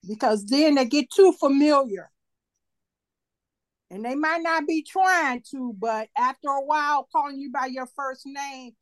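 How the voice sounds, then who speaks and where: A woman's voice: on the high side, no room sound, low-quality recording. A middle-aged mother of grown children, talking in a firm, matter-of-fact way in a casual chat.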